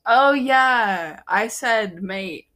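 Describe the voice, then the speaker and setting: Slow-talking giggly young woman. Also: medium pitch, fairly bright tone. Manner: giggly, jokey, playful mock British phrases. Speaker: podcast co-host. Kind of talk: casual chat.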